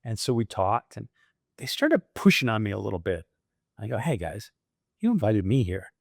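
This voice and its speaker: A man's voice: lowish voice, normal speed, gravelly, no room sound, clean studio sound. A middle-aged man telling stories in an interview, acting out the dialogue as he goes. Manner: animated, acts out quoted dialogue. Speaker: guest. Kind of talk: storytelling interview.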